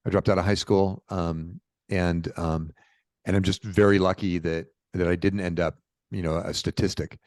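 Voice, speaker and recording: A middle-aged man from Portland, Oregon, telling stories as a podcast guest in a lively, informal way. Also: deep voice, normal speed, no room sound. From Portland, Oregon, USA. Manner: animated, informal, peppered with "dude" and "bro". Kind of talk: casual conversational storytelling.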